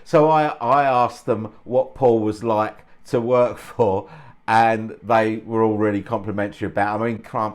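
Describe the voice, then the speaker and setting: A man's voice: lowish voice, steady tone, measured pace. Chatty, chuckling man. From England. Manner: chatty, chuckling, self-deprecating. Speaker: channel host. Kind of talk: casual anecdotal storytelling.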